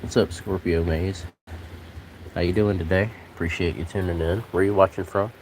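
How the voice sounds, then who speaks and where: A man chatting casually on a live stream from a porch, talking to his cats and his viewers in a relaxed, rambling way. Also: low-pitched, moderate pace, rough recording. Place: outdoors on a porch in the rain. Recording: rain noise outdoors. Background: rain.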